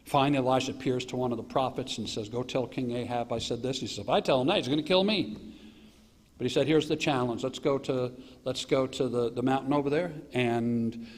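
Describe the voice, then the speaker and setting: American preacher guy telling bible stories, mid pitched, long church reverb on a live stream. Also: fairly quick. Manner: animated storytelling, mocking asides and acted quotes. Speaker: pastor. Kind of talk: sermon. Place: church sanctuary.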